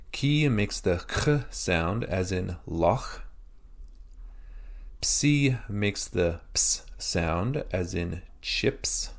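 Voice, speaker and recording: In a recorded lesson, a deep-voiced Canadian man explains slowly and deliberately, using example words.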